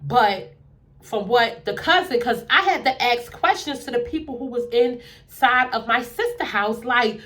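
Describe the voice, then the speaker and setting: A woman with a fairly high voice, telling a personal story in a lively, casual way. She acts out what everyone said and keeps checking that the listener is following. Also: measured pace. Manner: animated, acts out both sides of conversations. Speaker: storyteller vlogger.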